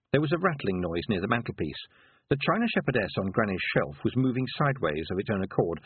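A man reading a novel aloud as an audiobook narrator, with expressive storytelling and dramatic pauses. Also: lowish voice, slightly rough, no echo. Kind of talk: scripted narration. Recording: tinny, phone-like narrow sound.

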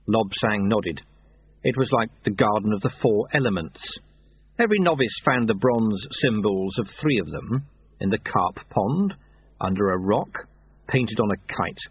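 A man narrating an audiobook with dry, expressive storytelling, heard through tinny phone-like audio. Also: on the low side, moderate pace, slight background noise.

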